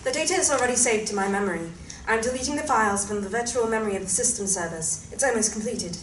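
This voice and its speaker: A woman reads her part in a fairly high voice, calm and even. The room is echoey and the mic is far off, with faint noise. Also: quick pace. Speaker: actor reading Dolores. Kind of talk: script reading.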